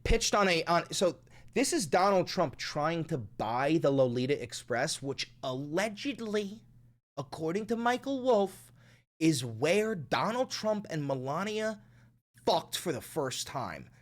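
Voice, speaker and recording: A man giving casual, profane political commentary, swinging from sarcastic muttering to excited outbursts. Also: fairly high pitch, unhurried.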